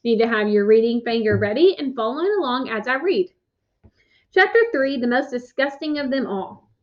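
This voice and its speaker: A woman reading a children's chapter book aloud to her class, clear and expressive. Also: fairly high pitch, fairly quick, highs cut off. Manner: clear, expressive, with raised voices for characters' quotes. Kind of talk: read-aloud storytelling for children.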